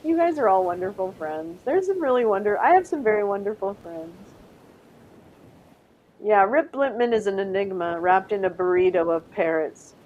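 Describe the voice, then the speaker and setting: A woman's voice: medium pitch, animated, normal speed, narrow, tinny audio. A middle-aged woman hosting a casual live stream, rambling and chatty, often laughing and trying out French words. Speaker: livestream host.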